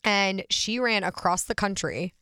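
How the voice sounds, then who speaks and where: A woman's voice: medium pitch, unhurried, sharp tone, smooth, dry recording, studio quality. A woman in her twenties co-hosting a podcast, chatting casually in a giggly, upbeat way. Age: 20s. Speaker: podcast co-host. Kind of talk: casual chat.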